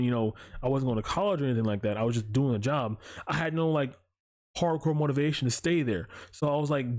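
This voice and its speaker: Profane, rambling young man streamer. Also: on the high side. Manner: profane, rambling, animated storytelling with put-on voices. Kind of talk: casual livestream chat.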